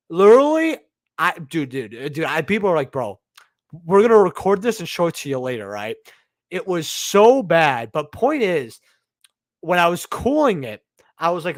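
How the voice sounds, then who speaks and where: Young man, stream host, casual rambling chat, slang and swearing, slightly high voice, dry close sound. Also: a bit bright, dry recording. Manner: slangy, swearing, rambling storyteller who says "bro". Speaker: livestream host.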